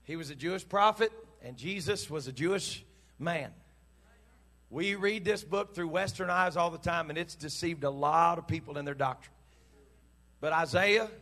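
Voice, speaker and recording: A man preaching a sermon to his congregation in church, fervent and shouting at its peaks, then dropping into casual joking asides. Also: sits high. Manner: impassioned preaching that builds to shouts. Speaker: pastor.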